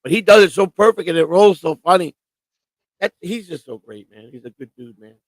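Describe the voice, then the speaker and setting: A man's voice: sits high, expressive, fairly quick, dry recording, low-quality recording. A man from Chicago co-hosting a casual live stream, rambling, repeating himself and trailing off. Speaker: co-host.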